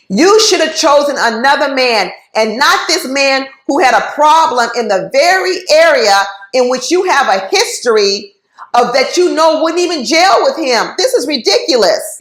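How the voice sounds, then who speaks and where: A woman's voice: sits high, fairly bright tone. A woman reviewing a reality TV show in casual, opinionated commentary, speaking bluntly and informally and talking straight to the cast members. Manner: informal, folksy phrasing. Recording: roomy echo.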